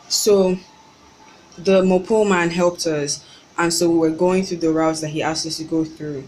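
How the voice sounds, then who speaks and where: A woman's voice: fairly low pitch, steady tone, unhurried, darkish tone, a little hiss or hum, low-quality recording. A young woman with a Nigerian accent, telling an exasperated story in a ranting vlog. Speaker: vlogger.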